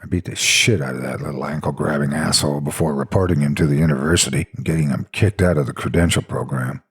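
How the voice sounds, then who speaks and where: A man's voice: a bass voice, fast talker, husky, voice pushed down, exaggerated voice. A man voicing a blunt, protective male special ed teacher who talks earnestly and swears freely. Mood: angry.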